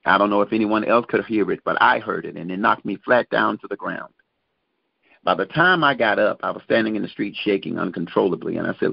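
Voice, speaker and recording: Middle-aged male minister, deep and gravelly, measured and halting, dull lo-fi recording. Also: no room sound. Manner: slow, measured storytelling with many pauses. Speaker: guest minister. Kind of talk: personal religious testimony. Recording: dull, muffled lo-fi sound.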